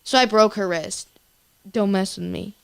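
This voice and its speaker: A woman's voice: medium pitch, measured pace, vocal fry, clear, resonant tone. A teenage girl co-hosting a casual chat show, telling stories in a chatty way full of fillers. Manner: chatty storyteller, lots of fillers and laughs. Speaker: co-host.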